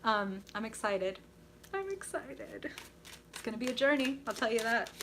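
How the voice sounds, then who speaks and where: A woman's voice: a little high, brisk, slight background noise. A young woman hosting a live tarot reading stream, gushing and enthusiastic as she reacts to viewers. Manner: bubbly, gushing, reacts to chat with excited squeals.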